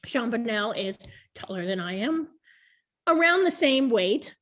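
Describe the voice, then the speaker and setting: A woman's voice: a little high, animated, unhurried, fairly bright tone. A woman in her thirties chatting frankly about her past on a video call, laughing often. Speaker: board member being interviewed. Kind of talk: casual video call chat.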